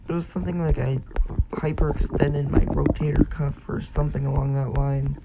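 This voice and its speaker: A man's voice: a little high, phone-quality sound, very noisy. A young man casually telling a personal story on his vlog, rambling and full of fillers. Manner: rambling, filler-heavy retelling. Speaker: vlogger.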